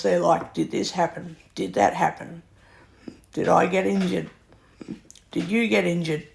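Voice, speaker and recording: A woman vents in a long vlog rant. She talks slowly and deliberately, leaning hard on her words and acting out other people's lines in her own voice. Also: on the low side, vocal fry. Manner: slow, emphatic venting with acted-out quotes. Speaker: vlogger. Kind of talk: ranting monologue.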